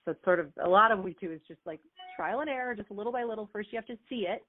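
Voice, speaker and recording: A middle-aged woman talks animatedly as an interview guest, slipping into quoted back-and-forth and casual fillers. Her voice is mid-pitched and comes through a thin, phone-like line. The sound is dry, with no room around it. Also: rapid-fire, dry recording, soft background music. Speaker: performance coach, guest. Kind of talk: conversational interview answers.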